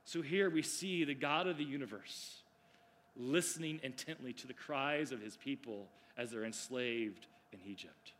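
A man preaching a sermon, moving between loud declarations and hushed, drawn-out phrases. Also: medium pitch.

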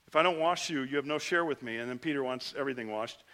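A middle-aged male pastor giving a conversational sermon, swinging between lively rises and quiet drops. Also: mid-range voice, fast.

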